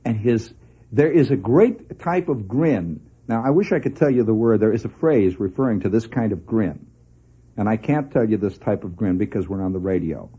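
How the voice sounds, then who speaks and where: A man spinning a yarn on the radio, his pitch bouncing up and down as he talks. His voice is mellow and a bit husky. It comes through a dull, lo-fi old broadcast recording. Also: normal speed. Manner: animated and conversational, laughing through the telling. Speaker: radio storyteller. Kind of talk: spoken storytelling monologue.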